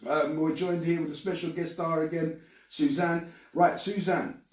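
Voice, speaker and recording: A man's voice: fairly high pitch, level tone, normal speed. A man with a London accent hosting a podcast in casual chat. He swears often, laughs a lot and rambles. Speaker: podcast host. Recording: echoey room, mic at a distance, some noise.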